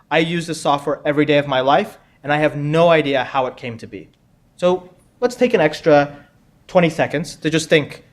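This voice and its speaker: A man with a somewhat high voice hosts a quiz for a room full of people. He is chatty and jokey, doubling back on his words as he goes. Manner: joking, chatty, repeats himself. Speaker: quiz host. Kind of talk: live conference pub quiz hosting. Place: conference room with audience.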